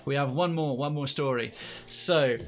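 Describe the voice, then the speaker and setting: A male streamer reading viewer stories aloud and chatting between them, rambling and correcting himself as he goes. His pitch sits in a middle range, with faint music playing softly behind him. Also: normal speed. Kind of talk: live story reading and chat.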